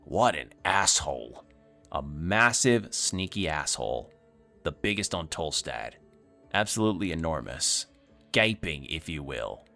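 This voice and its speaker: A man voicing a sardonic male companion who talks in a monotone, deadpan sarcasm. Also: a bass voice, measured pace, creaky, soft background music, full character voice.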